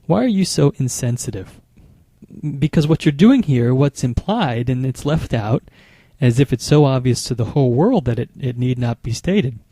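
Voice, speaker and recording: A man speaking as a marriage therapist, explaining calmly and methodically, often restarting his phrases. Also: mid-range voice, slightly rough, dry recording. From United States. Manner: measured, explanatory, with frequent small restarts. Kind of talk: instructional talk to camera.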